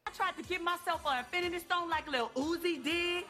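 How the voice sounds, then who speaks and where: A woman's voice: very high voice, fairly quick. A brash woman in an ad spoof. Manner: exaggerated put-on slang delivery. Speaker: actress in a comedy sketch commercial parody. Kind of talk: sketch comedy acting. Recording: broadcast clip with faint music.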